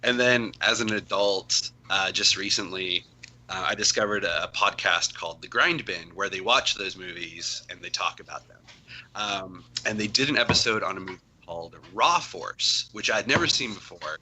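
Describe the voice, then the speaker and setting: A man's voice: on the low side, expressive, normal speed, pushed and bright, low-quality recording. A man, a comic writer on as a guest, chatting casually and rambling with lots of fillers. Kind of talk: casual chat.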